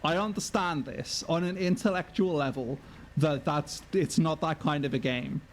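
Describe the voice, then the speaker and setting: A man's voice: a little high, moderate pace, a little hiss or hum. A man streaming a game live, joking, swearing freely and laughing often. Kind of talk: live gameplay commentary.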